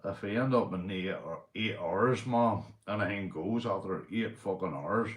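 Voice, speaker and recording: A man's voice: low-pitched, normal speed. Boisterous tipsy Northern Irish man. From Northern Ireland. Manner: boisterous, sweary, laughing a lot. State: tipsy from beer. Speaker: livestream host. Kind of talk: rambling casual livestream chat. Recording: echoey room.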